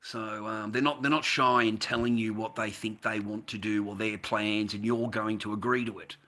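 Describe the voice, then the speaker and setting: Bright-voiced Australian man, swearing and rambling. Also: fairly low pitch, steady tone, moderate pace. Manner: profane, repetitive, addresses the listener as mate and bro. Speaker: vlogger recounting a story. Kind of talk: casual rambling monologue.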